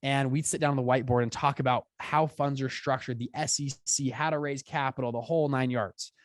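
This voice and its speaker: A young man in his twenties, a fund founder appearing as a podcast guest, tells a story in conversation, speaking quickly and with animation. He acts out quotes with big jumps in pitch, and the recording is dry.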